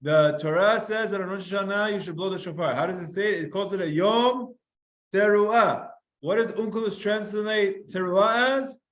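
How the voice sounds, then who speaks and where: A man teaching a lively Gemara class to students, reading Hebrew lines aloud, translating them and acting out sighs and whimpers. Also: sits high, moderate pace, hardly any pauses. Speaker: Talmud teacher.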